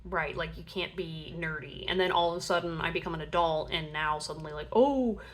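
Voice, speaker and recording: A woman's voice: deep voice, little pitch movement, fairly quick, a bit bright. Chatty young woman giving a tarot reading. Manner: chatty, rambling, full of fillers; acts out playful voices for imagined people. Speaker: tarot reader.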